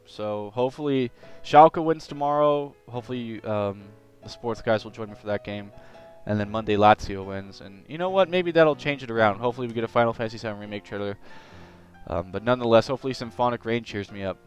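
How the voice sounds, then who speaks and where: A young man chatting on a live stream, telling an animated, rambling story. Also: medium pitch, fairly quick, soft background music, low-quality recording. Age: young adult. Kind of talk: casual live-stream chat.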